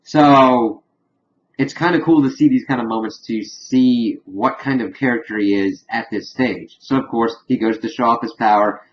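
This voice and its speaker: A man's voice: mid-range voice, normal speed, dull audio, slight background noise. A man giving a casual, rambling recap of a TV episode, leaning heavily on fillers as he retells the plot. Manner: rambling, filler-heavy storytelling. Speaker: TV episode reviewer.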